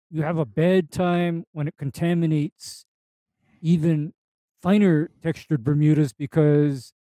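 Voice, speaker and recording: Higher-pitched mellow male expert, explanatory, dry close sound. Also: dry recording. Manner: explanatory, opinionated. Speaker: turf expert co-host. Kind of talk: casual chat.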